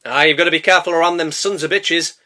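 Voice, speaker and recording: A man recording comedy review outtakes, giggling, swearing and breaking into sudden loud silly outbursts. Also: fairly high pitch, steady tone, fast, very noisy.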